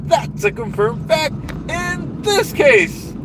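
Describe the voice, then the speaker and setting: A man's voice: extremely high pitch, very animated, slow. A man doing a comedic in-character rant as a livestreamer, bombastic, boastful and repetitive, recorded in a car. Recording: noisy car interior.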